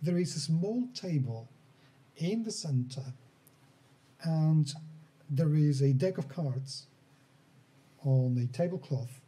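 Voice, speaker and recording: A man running a tabletop horror game, narrating scenes in an unhurried, descriptive way. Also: a little high, expressive, mellow. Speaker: game master.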